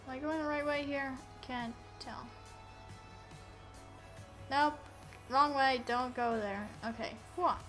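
A woman giving casual let's-play commentary, excitable and playful, yelling at enemies on screen. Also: sits high, slow pace, pauses often, over music. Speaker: gameplay commentator.

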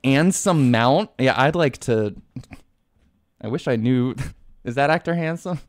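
A man's voice: mid-range voice, measured pace, no room sound. A man streaming a video game live, rambling casually, swearing often and laughing easily.

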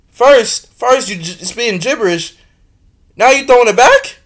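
A young man casually reacting to a music video, talking in slang, swinging between loud exclaims and low mutters, laughing often. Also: lively intonation, a little slow. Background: faint music from the video being watched.

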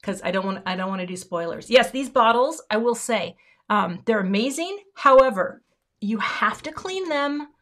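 A woman's voice: fairly high pitch, lively intonation, normal speed, a bit bright. A middle-aged woman chatting casually while demonstrating a craft project live, greeting viewers as she works. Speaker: craft livestream host.

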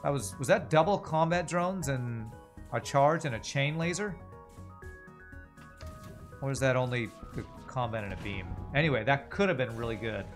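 A man's voice: medium pitch, animated, moderate pace, soft background music. A man streaming a video game, chatting casually and thinking aloud with jokes and tangents. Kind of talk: casual gameplay commentary.

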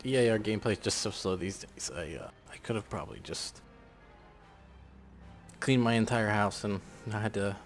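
Low-voiced man casually commenting on gameplay. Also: moderate pace, pauses often, faint music behind. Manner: rambling, sarcastic, swears offhandedly.

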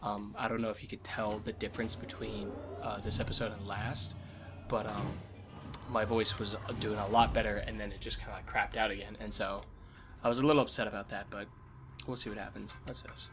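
A man with damaged vocal cords talking quietly and low as he commentates a game he is playing, coughing often. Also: level tone, brisk, noisy background. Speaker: let's play host. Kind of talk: gameplay commentary. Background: game sounds and music.

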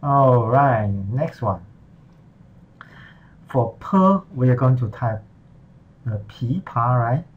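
Slow, patient male Mandarin teacher. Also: medium pitch, slightly rough, narrow, tinny audio. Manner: slow, patient walkthrough with non-native English. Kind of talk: screen-recorded tutorial lesson.

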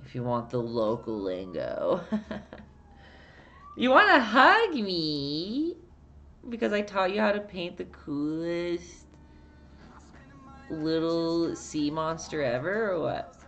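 A woman's voice: sits low, expressive, takes it slowly, a little mellow, highs cut off, faint music behind. A Canadian woman with a Canadian accent teaching a casual live-stream painting lesson, chatty, answering viewer chat and laughing often. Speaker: painting instructor.

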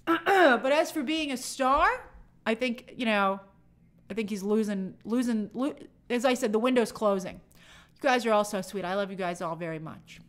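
A woman's voice: a little high, normal speed. A woman hosting a live stream, reading viewer comments aloud and answering them in a chatty, opinionated way. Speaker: movie channel host answering viewer questions. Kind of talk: casual live-stream chat.

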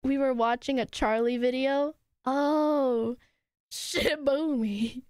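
A woman streamer chatting casually on a live stream, laughing often, swearing freely and bursting into excited shouts. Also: high voice, slow pace, clear, resonant tone, dry recording, clean studio sound.

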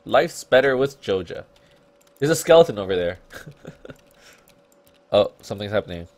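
A man's voice: lowish voice, sing-song, normal speed, darkish tone. A man casually commenting on a farming game, joking and laughing often as he plays. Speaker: gaming channel host. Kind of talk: let's play commentary.

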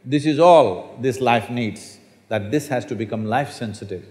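A man's voice: medium pitch, normal speed, a little mellow. A man speaking as a spiritual teacher to a live audience in a large hall, emphatic and often asking the audience questions. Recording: echoey hall.

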